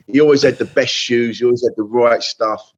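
A man's voice: medium pitch, steady tone, fairly quick, husky, lo-fi sound. A man, a comedian chatting on a podcast, telling stories with a self-deprecating streak. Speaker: comedian guest. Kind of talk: casual podcast chat.

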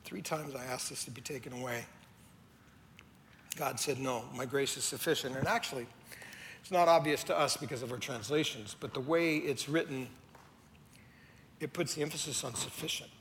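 Bright-voiced pastor preaching in a reverberant hall. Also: male voice, mid-range voice, moderate pace, pauses often, a little hiss or hum. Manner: conversational preaching, swings from animated to hushed. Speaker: lead pastor. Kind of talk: sermon. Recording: long hall reverb, faint ambience.

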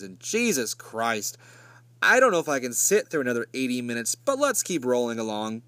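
A man tearing into a movie with a steady stream of swearing and sarcasm, his pitch sitting right in the ordinary middle. The sound is dry and close, with no room echo at all. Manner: sarcastic and profane, with mocking asides. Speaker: movie reviewer. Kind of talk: casual profane movie recap.

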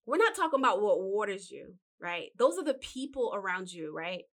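A woman hosting a casual motivational talk. She gives life advice in a lively, preachy way, asks one rhetorical question after another, and calls the listener honey. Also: medium pitch, normal speed. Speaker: podcast host giving life advice.

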